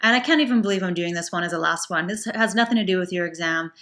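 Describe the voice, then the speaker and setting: A woman teaching acupuncture students in a relaxed, chatty lecture, often restarting her sentences. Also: fairly low pitch, fast. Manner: chatty, warm, self-correcting with frequent restarts and small laughs. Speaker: acupuncture instructor.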